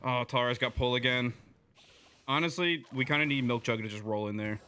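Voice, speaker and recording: A young man giving excitable live play-by-play commentary on his own match, chatty and quick, swinging between low mumbling and loud yelling at his teammates. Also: slight background noise. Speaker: gaming video creator.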